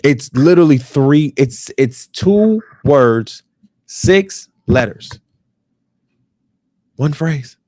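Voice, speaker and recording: A man's voice: a little high, animated, very slow, pauses often, dark tone, no echo, studio quality. An American man with an African American English accent hosting a podcast, ranting casually and profanely, repeating phrases for emphasis. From United States. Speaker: podcast host.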